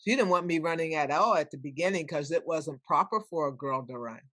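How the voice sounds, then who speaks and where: Older woman telling lively stories. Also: low voice, brisk, no room sound. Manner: animated, acts out quoted voices. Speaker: guest. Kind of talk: storytelling in conversation.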